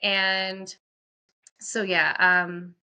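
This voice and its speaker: A woman's voice: medium pitch, little pitch movement, extremely slow, pushed and bright, clean tone. A woman guest on a podcast, candidly telling a personal story in a chatty way, full of "like" fillers and quoting what she and others said. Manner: chatty, frequent "like" fillers, quotes herself.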